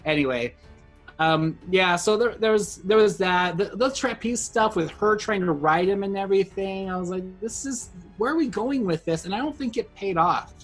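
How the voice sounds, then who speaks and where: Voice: mid-range voice, moderate pace, fairly bright tone, faint music behind. Rambling co-host of a film review. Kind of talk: casual review discussion.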